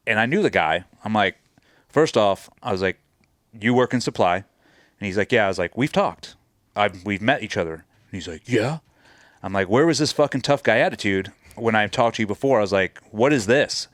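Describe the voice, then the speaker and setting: A man's voice: fairly low pitch, lively intonation, a little fast, a bit bright, no echo, studio quality. A man, a former military chief, telling stories in a casual podcast conversation. He swears freely and acts out the dialogue in his stories. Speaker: podcast guest, former Navy SEAL chief.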